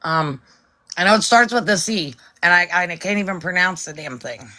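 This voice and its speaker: Woman, bright tense voice, blunt, livestream guest. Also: lowish voice, lively intonation, moderate pace. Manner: blunt, grumbling, talks while eating. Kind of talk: casual livestream chat.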